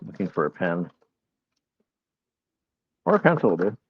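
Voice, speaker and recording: A man's voice: low voice, very animated, a little slow, husky, lo-fi sound. A man hosting a casual live stream, musing aloud, reading chat replies and poking fun at his own confusion. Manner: bemused, self-mocking. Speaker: livestream host.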